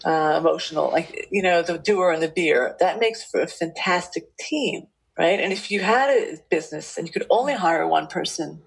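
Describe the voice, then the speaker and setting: A woman speaking as a relationship expert, telling stories from her interviews in an animated, rambling way with many restarts. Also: on the low side, moderate pace, gravelly, hardly any pauses, husky, low-quality recording. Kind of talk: storytelling interview answers.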